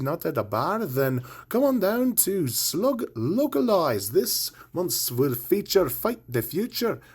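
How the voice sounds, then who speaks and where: A man's voice: on the high side, darkish tone, slightly rough, pitched above the performer's own voice, exaggerated voice. A man putting on a jolly, exaggerated mock Irish accent to announce a holiday show lineup. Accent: put-on Irish.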